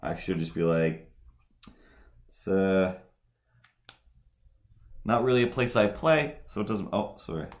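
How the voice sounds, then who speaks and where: A man's voice: sits low, lively intonation, unhurried, pauses often. A man hosting a live drawing stream, chatting casually in a rambling way with many fillers and restarts. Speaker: livestream host.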